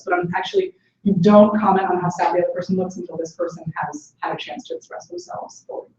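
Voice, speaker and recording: A young woman speaker answering audience questions, animated, acting out quoted voices. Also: medium pitch, brisk. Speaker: conference speaker. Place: large echoey conference hall. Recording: echoey hall, distant, dull lo-fi.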